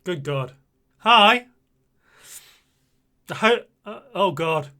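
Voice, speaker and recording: Bright-voiced British man in his forties. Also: a little high, measured pace. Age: 40s. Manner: chatty and flustered, laughing often. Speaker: streamer. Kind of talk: casual live-stream chat.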